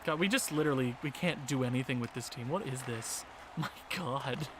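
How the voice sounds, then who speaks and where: A young man giving casual commentary on a hockey video game, muttering and then breaking into excited shouts. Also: mid-range voice, moderate pace, slight background noise. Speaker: gaming YouTuber.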